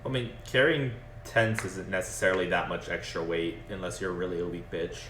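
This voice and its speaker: Low-ish guy dm-ing a tabletop stream, chill and rambly, kinda echoey room. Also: steady tone, a little fast, fairly bright tone, slight background noise. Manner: casual, apologetic, loose with fillers and restarts. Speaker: game master. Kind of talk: narrating a tabletop game on a live stream. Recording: roomy echo.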